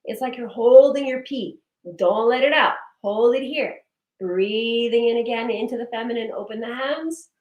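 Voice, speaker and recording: A woman leading a guided breathing and movement session, giving slow, soothing cues and affirmations. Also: fairly high pitch, highs cut off. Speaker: breathwork and wellness instructor. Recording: echoey room.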